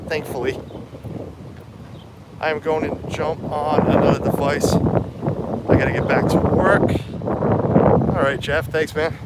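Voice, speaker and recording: Out on a hot town street, a vlogger fighting a cold chats casually on his live stream and responds to viewer comments. The audio is very noisy, and his voice is medium in pitch.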